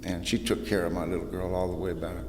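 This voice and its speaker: A man with a lowish voice shares his recovery story from a podium. He mixes joking asides with plain, hushed honesty. The sound is roomy, with a long hall echo and faint background noise. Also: level tone, fast talker. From Southern California. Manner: humorous storytelling, drops soft and low for painful parts; casual southern-tinged slang, "ain't", "y'all". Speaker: recovery meeting speaker. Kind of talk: personal testimony talk.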